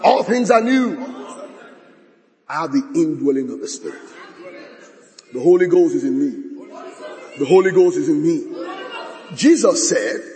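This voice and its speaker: A man preaching a sermon, swinging from bold declarations to hushed asides and reciting scripture. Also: a little high, animated, measured pace, long pauses. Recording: long hall reverb.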